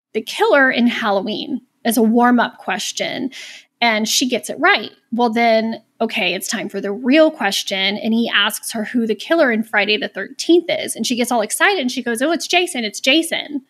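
A woman's voice: fairly high pitch, unhurried, fairly bright tone. A woman co-hosting a podcast, recapping a horror movie in casual, sarcastic chat and swearing freely. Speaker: podcast co-host.

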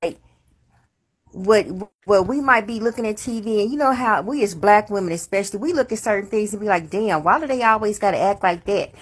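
Blunt husky woman giving advice. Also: medium pitch, a little fast. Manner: frank and blunt, lecturing tone, some cursing. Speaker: show host giving advice. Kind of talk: casual chat.

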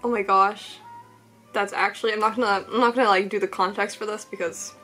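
A young woman chatting excitedly as she unboxes a package at home, rambling with lots of "like" and "um", filmed on a small tripod camera. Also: medium pitch, fairly quick, faint music behind. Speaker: vlogger. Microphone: camera on mini tripod.

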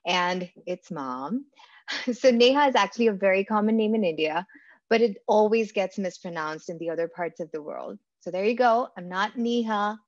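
Woman hosting a webinar, friendly intro, flat dry lo-fi sound. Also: medium pitch, dry recording. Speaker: session host. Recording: dry, dull lo-fi call audio.

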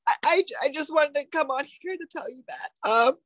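Emotional, high-voiced woman in her thirties. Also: a bit bright, no room sound. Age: 30s. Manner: emotional, earnest, halting. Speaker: caller on a group call. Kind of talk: heartfelt thank-you. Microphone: video call.

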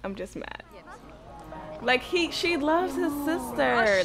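A woman hosts a let's play of a life-simulation game, giving playful, slangy running commentary as she plays, with the game music underneath. Her voice sits high, expressive, and slow-paced, in a casual gameplay-commentary style.

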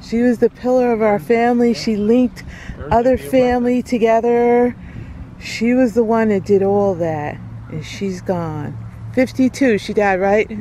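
A woman vlogging on a phone outdoors, soft-spoken and emotional, often saying y'all. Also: a little high, fairly even intonation, normal speed, low-quality recording. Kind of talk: casual video diary. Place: outdoors by a car and at a cemetery. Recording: outdoor noise with car sounds.

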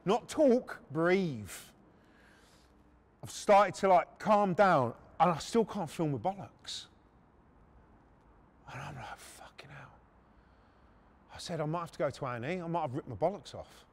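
Man, high voice, very lively pitch, crude animated storytelling, podcast host. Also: normal speed. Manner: animated and crude, acting out moments with gasps and shouts. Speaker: podcast host telling stories. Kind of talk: casual storytelling.

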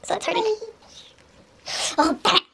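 A woman's voice: moderate pace, background noise. A woman, vlogging to camera and talking to herself in an anxious, exclaiming way. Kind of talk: nervous casual vlog to camera.

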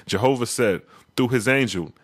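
A man reading scripture aloud in a measured, solemn way, adding his own commentary between verses. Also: mid-range voice, a bit bright, no echo, clean studio sound.

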